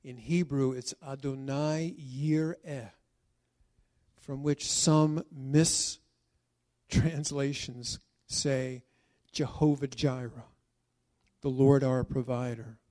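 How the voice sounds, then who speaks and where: Slow, emphatic male preacher. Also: medium pitch, steady tone, mellow. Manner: emphatic, with dramatic pauses and stretched words. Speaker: pastor. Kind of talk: sermon.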